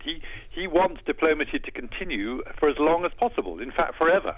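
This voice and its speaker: A man speaking as a defense analyst in a radio news interview, explaining in a measured way with hesitant restarts. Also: fairly high pitch, very animated, no room sound, dull audio.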